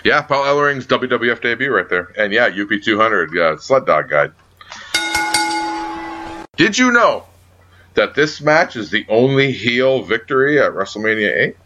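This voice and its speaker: A man co-hosting a casual wrestling podcast, talking in a profane, lively way and teasing his co-host. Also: medium pitch, normal speed, a little hiss or hum. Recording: dull lo-fi audio.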